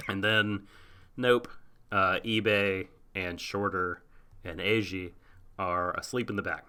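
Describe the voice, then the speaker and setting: A man's voice: sits low, steady tone, takes it slowly, long pauses, bright, forceful tone, clean tone. A man co-hosting an anime podcast, talking casually and hesitantly. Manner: hesitant, many fillers and restarts. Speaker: podcast co-host.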